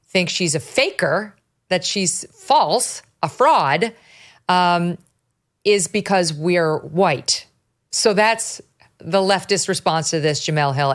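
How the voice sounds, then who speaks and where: A woman hosting a talk show, speaking emphatically and with disbelief about politics. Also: on the low side. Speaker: podcast host. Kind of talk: political commentary chat.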